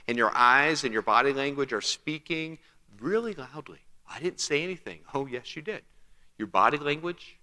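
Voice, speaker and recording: A man's voice: medium pitch, pushed and bright. A man preaching a sermon as pastor, talking conversationally, asking rhetorical questions and acting out quotes. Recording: long hall reverb.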